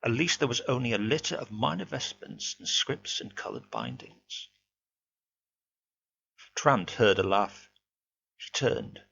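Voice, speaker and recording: A narrator reads a ghost story aloud, measured and expressive, in a mid-range, very gravelly voice with a bright, forceful edge. The home recording sounds dull and lo-fi, with a faint hum underneath.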